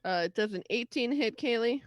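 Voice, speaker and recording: A woman's voice: fairly high pitch, lively intonation, a little fast, no room sound. A woman narrating a tabletop game as dungeon master, giggling often.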